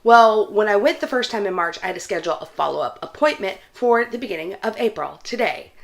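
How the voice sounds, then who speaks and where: A woman book vlogger chatting casually to her viewers, telling a story in an animated way and laughing between phrases. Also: medium pitch, a little fast, creaky. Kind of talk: casual vlog chat.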